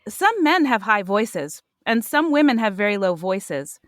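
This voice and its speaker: A woman's voice: medium pitch, big pitch swings, measured pace, no echo, studio quality. A woman in her forties, a voice actor guest, chatting animatedly and demonstrating vocal tones as she explains. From Puerto Rican heritage. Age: 40s. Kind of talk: casual podcast chat.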